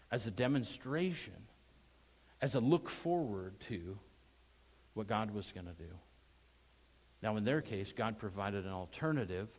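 A man preaching a sermon emphatically, repeating phrases and swinging between loud stressed words and quiet asides. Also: fairly low pitch. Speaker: pastor.

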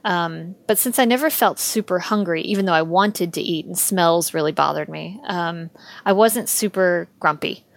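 A woman's voice: on the low side, normal speed, vocal fry, dry recording. A woman speaking as a podcast guest in a casual interview, talking candidly with frequent ums and easy laughter.

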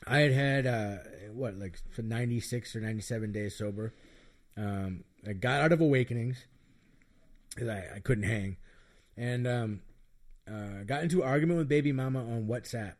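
Middle-aged dude rambling casual, candid and self-mocking, medium voice. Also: male voice, medium pitch, normal speed. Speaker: podcast guest storyteller. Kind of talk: casual chat.

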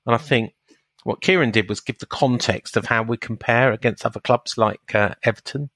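A man's voice: mid-range voice, moderate pace, a bit bright, no room sound. A man from England co-hosting a casual podcast, easygoing and playfully insistent. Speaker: podcast co-host. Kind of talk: casual chat.

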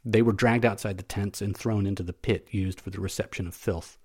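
A man with a fairly low voice reads a classic novel aloud for an audiobook, keeping his delivery measured and steady.

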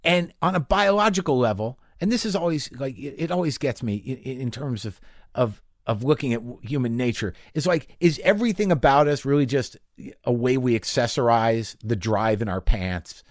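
Profane, animated male stand-up comic. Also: medium pitch, moderate pace, no echo, studio quality. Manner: animated, swearing, acts out voices in bits. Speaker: stand-up comedian. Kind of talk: stand-up comedy routine.

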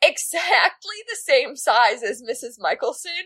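A woman with a high, very lively voice that leaps around as she talks. She co-hosts a casual book podcast, retelling scenes with gusto and little quoted voices. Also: measured pace, husky, no echo. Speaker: podcast co-host.

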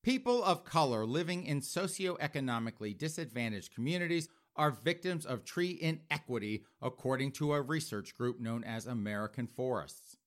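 A man hosts a podcast in a mocking, sarcastic tone. He talks straight to his listeners and often calls them folks. His voice sits at an ordinary middle pitch for a man. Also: lively intonation, moderate pace, hardly any pauses. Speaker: podcast host. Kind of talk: podcast commentary.

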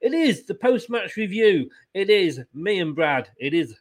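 A man's voice: sits high, sing-song, unhurried. A man hosting a fan post-match review, blunt and frustrated, swearing about his team's loss. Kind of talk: casual chat.

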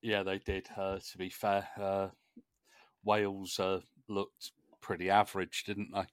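A man's voice: sits low, monotone, measured pace, clear, resonant tone, no echo. Dry-sounding hesitant male co-host. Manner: hesitant, lots of fillers and restarts, wry. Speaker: podcast co-host. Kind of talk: casual football podcast chat.

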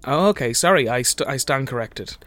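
A man's voice: mid-range voice, expressive, a little fast, fairly bright tone, faint music behind. A man co-hosting a comedy podcast, chatting casually, often stumbling over and restarting his words. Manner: stammering, restarts words, laughs at own bits. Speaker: podcast co-host. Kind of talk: improvised comedy podcast banter.

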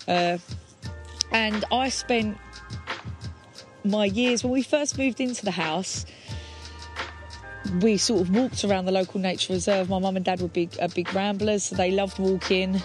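A woman's voice: mid-range voice, fairly even intonation, measured pace, long pauses. Chatty Essex woman, slightly out of breath. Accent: Essex English. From Essex, England. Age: 30s. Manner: chatty, reflective, self-deprecating. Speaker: spoken word poet. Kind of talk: casual spoken explanation of her poem. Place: outdoors on a grassy hill. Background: background music.

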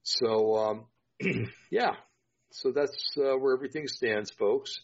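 A man's voice: medium pitch, slow pace, creaky. Tired podcast host man, affirming. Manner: affirming, loose and filler-heavy. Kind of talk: casual podcast sign-off. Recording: dull lo-fi podcast audio.

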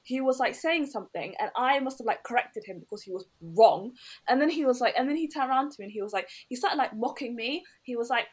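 A woman's voice: on the high side, quick pace, breathy edge. A young woman telling a story in casual chat, acting out the quotes with lots of restarts. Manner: animated storyteller, acts out quotes, many restarts.

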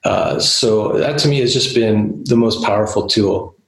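A man's voice: fairly low pitch, a little slow, reverberant, poor audio. A man who teaches yoga and breath work, speaking as a podcast guest in a thoughtful, earnest way. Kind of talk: casual podcast conversation.

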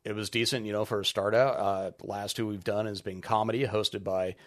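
A man who owns a brewery, talking casually as a podcast guest, relaxed and rambling with lots of filler ums. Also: lowish voice, brisk. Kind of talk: casual interview chat.

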